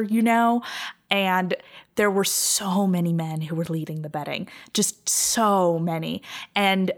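A woman's voice: fairly low pitch, fairly bright tone. Effusive woman podcast co-host. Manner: effusive, gushing. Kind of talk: casual chat.

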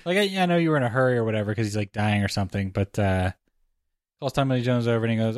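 A man recapping a movie in casual chat, animated and quick with joking asides. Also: lowish voice, dry recording, studio quality.

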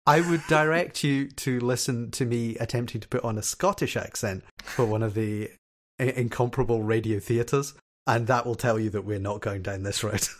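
A man's voice: medium pitch, fairly even intonation, moderate pace. A man with a non-American accent hosting a podcast, chatting casually with many hesitant fillers and chuckles. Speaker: podcast host. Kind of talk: casual chat.

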